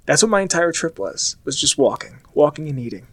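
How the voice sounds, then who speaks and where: A chatty young man from the United States rambles through a casual monologue, full of filler words. His voice sits a little high. The recording is dry and close. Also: lively intonation, fairly quick, a bit bright, husky, dry recording.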